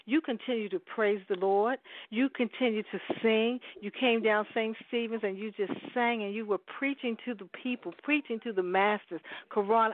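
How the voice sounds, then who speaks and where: A woman's voice: a little high, no room sound. Woman caller, middle-aged, fervent church encouragement, dry phone sound. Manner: warm, repetitive, preacher-like encouragement. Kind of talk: heartfelt call-in testimony. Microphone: telephone. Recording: dry tinny phone line.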